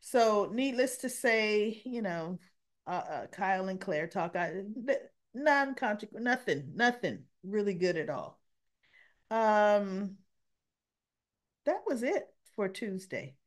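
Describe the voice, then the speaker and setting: A woman's voice: medium pitch, animated, takes it slowly. A woman chatting casually as she recaps a soap opera into her camera mic, with offhand, dismissive asides.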